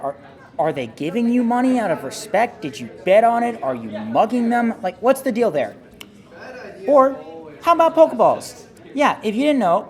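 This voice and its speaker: A segment host delivering an incredulous, exaggerated comedic rant. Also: mid-range voice.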